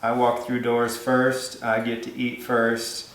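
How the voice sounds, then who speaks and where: A man's voice: mid-range voice, completely flat delivery, takes it slowly, fairly bright tone, roomy sound, low-quality recording. A man giving dog-training advice in a casual, rambling way, with many fillers and restarts.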